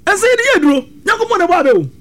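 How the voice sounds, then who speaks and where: High-voiced healer, fast talker. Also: male voice, big pitch swings, a bit bright. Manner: repeats his phone number slowly, digit group by digit group. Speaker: spiritual healer on a call-in show. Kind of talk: on-air testimony and advertisement.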